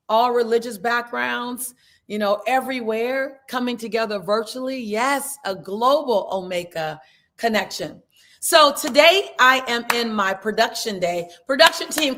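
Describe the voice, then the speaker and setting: Woman host, live stream, upbeat and playful, fairly high voice, reads out viewers' names. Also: a bit bright. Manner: greets viewers by name, upbeat, playful asides. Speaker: host of a live online session. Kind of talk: lively live-stream chat. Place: indoors at a video production shoot.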